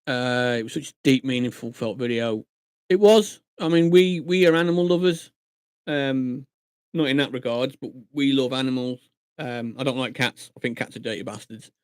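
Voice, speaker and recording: Male streamer, casual storyteller, mid-pitched, dry close mic. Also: normal speed, smooth, no echo. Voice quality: chatty, animated storytelling with acted-out quotes. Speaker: live streamer. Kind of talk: casual live-stream chat. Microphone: desk mic at a computer monitor.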